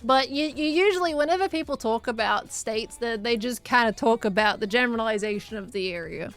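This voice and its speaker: A woman's voice: a little high, fairly quick, soft background music. An Australian woman from Victoria chatting casually on a gaming live stream, laughing often and answering chat as she plays.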